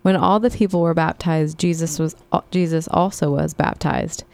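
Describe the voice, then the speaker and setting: Low, mellow-voiced woman reading scripture. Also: fairly even intonation, moderate pace, dry recording. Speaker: Bible study participant. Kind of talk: reading scripture aloud and casual discussion.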